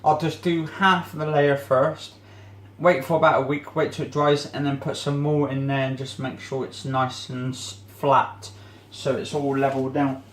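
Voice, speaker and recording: A man's voice: medium pitch, level tone, normal speed, reverberant, slight background noise. A man vlogging in a casual, rambling way while he cleans his home kitchen, often searching for words.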